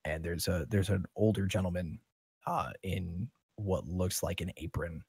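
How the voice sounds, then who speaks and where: A man running a tabletop game as game master, narrating in a relaxed, rambling way with many fillers. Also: low voice, a little slow, creaky, slightly rough, dry recording.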